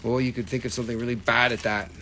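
A man's voice: mid-range voice, little pitch movement, very fast, pushed and bright, a little hiss or hum. A man hosting a live stream that sells minerals, joking and rambling as he trails off into fillers. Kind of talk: casual live sales chat.

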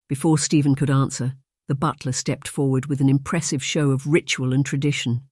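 A man narrating a novel in a measured, even reading. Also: mid-range voice, no echo, studio quality. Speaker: audiobook narrator. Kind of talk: scripted narration.

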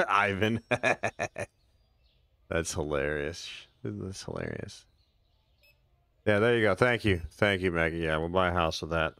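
A man with a low voice talks loosely through his gameplay on a live stream, reacting to the game and chatting with his viewers. He slips into dry, sarcastic asides. The sound is close and dry, with no room around it. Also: little pitch movement, measured pace, sharp tone, clear, resonant tone, no room sound. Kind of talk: casual live gameplay commentary.

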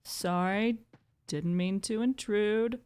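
A young woman giving gentle, calm and reflective commentary while she plays a game. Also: medium pitch, slow, clear, resonant tone. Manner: soft-spoken, calm and reflective. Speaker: gaming video host. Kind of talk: gentle mindful gameplay commentary.

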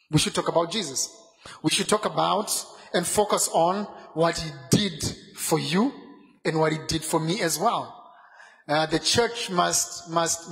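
Pastor, male, fervent sermon delivery, rises into shouts, echoey hall. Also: high-pitched. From Zimbabwe. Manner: fervent preaching, rising into shouts and sung phrases.

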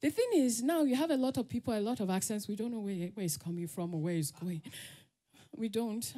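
A conference speaker with a Nigerian accent talks a little fast in a slightly high, dark-toned voice from a summit stage. She tells personal stories, laughs a lot, and acts out the voices she quotes.

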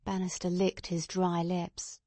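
Lady reading an audiobook, low-ish calm voice, dry close mic. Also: unhurried, dry recording. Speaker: audiobook narrator. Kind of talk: scripted narration.

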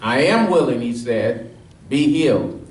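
A man preaching a sermon as pastor, quizzing his congregation call-and-response style and pressing his points with rising energy. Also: a little slow. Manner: energetic and emphatic, rising in pitch as he drives points home. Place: church sanctuary. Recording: echoey room, mic at a distance.

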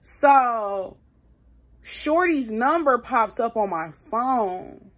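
A woman's voice: fairly high pitch, animated, extremely slow, fairly bright tone. A woman vlogger telling a storytime in a casual, slangy way, talking straight to her viewers.

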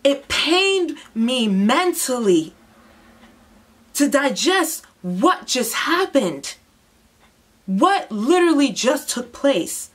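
A young woman shares a personal testimony in a slow, deliberate delivery. Her fairly high voice drops to hushed, heavy tones and then rises into impassioned bursts. Her manner is raw and intense throughout. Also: sing-song. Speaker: testimony speaker.

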